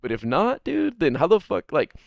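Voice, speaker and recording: A man's voice: fairly high pitch, huge pitch swings, moderate pace, vocal fry, dry recording, highs cut off. A man streaming a casual chat, rambling and swearing freely, laughing often.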